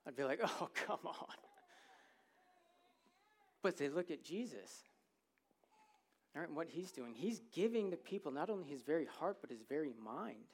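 A man's voice: a little high, lively intonation, a little fast, darkish tone. A man preaching a sermon to a congregation in a church, in a conversational, humorous way, often checking in with "right?".

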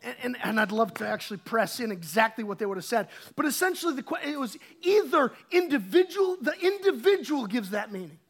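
Male pastor, 30s, high light voice; chatty sermon with emphatic swells and halting restarts. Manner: animated, swings from quiet to emphatic; halting, repeats words when restarting. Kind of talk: conversational sermon.

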